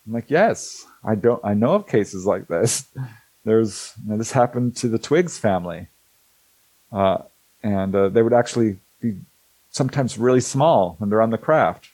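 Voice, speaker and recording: A middle-aged man telling stories in a casual, animated way, acting out the people he quotes and laughing often. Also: on the low side, moderate pace, no room sound, poor audio. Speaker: host, author on alien abduction cases. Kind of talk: casual storytelling talk.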